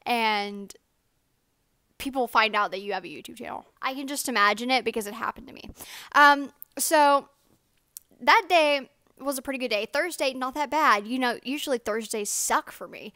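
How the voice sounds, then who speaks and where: A teenage girl telling a rambling, animated story to camera in a storytime vlog. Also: fairly high pitch, moderate pace, no room sound, studio quality. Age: teens. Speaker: vlogger. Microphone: own microphone.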